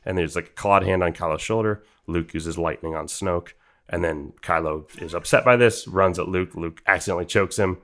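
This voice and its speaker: Deep-voiced man picking apart a film. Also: fairly quick, fairly bright tone. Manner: analytical, rambling with fillers and restarts. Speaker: podcast co-host. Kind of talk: casual film discussion.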